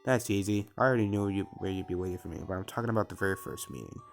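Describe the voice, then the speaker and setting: Man reading devoted time traveler, quiet, earnest, game dialogue, faint music. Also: low-pitched, very fast, gravelly.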